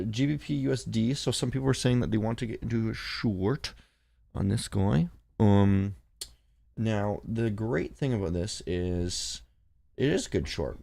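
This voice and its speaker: A man with a low, creaky, warm voice hosts a casual forex trading livestream. He rambles and swears while reading charts, chatting with viewers and shooing his cat away.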